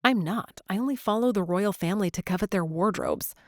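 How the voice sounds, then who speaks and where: A woman's voice: medium pitch, dry recording, studio quality, close to an everyday voice. A woman voicing a chatty, easily flustered young American woman in an audiobook. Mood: playful. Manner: bubbly, quick, easily embarrassed.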